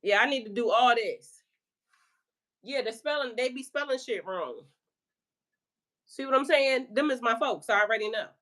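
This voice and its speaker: A woman with a slightly high voice chats with her livestream viewers, loose and playful. She talks in a relaxed, slangy way and breaks into laughter often as she answers comments. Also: moderate pace, pauses often. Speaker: spiritual life coach and channel host. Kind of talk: casual livestream chat with viewers.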